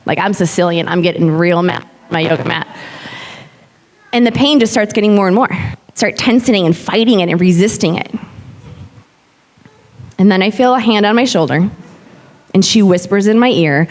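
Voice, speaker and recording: A woman's voice: mid-range voice, moderate pace. Woman in her thirties telling her story in a hall. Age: 30s. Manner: candid, expressive storytelling. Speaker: yoga instructor. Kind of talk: personal story talk to a live audience. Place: large hall. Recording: long hall reverb.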